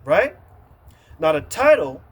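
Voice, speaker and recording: A man's voice: a little high, very animated, slow pace, husky. A man preaching a sermon, reading Bible verses aloud and repeating them, with many fillers and emphatic lists. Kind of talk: street-camp sermon, reading scripture aloud.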